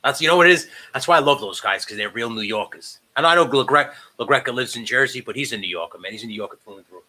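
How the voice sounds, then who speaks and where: A man co-hosting a podcast from home, talking in a casual, animated and profane way. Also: mid-range voice, fast talker. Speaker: podcast co-host. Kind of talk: casual chat. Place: home, remote recording.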